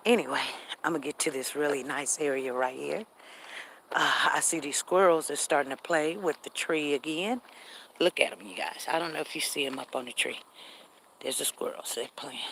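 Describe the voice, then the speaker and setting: A woman's voice: a bass voice, gravelly, fairly bright tone, a little hiss or hum. Candid woman chatting on a walk. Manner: candid, repetitive, reads chat comments aloud. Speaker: live stream host. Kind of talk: casual chat while walking. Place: outdoors in a residential neighborhood.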